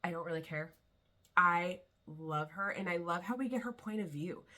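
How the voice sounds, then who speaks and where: A young woman with a bright, forceful tone and a slightly low pitch talks through a casual book review. She rambles eagerly, full of fillers and restarts, clearly excited about what she is reading. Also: moderate pace. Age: young adult. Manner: enthusiastic, rambling, filler-heavy. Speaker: vlogger.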